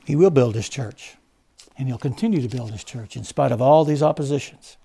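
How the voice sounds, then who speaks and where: A man preaching a sermon, rising to loud fervent emphasis and then dropping to low, quiet stresses. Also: fairly quick, vocal fry, breathy edge. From United States.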